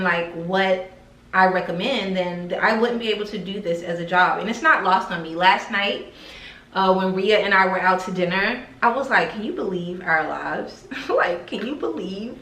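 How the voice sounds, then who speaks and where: A woman's voice: fairly low pitch, a bit bright. Woman vlogging at home, heartfelt and chatty, roomy echo, a bit far from the mic. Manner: heartfelt, emotional, with frequent "like" fillers. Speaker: lifestyle vlogger. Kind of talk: casual vlog talk. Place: her house.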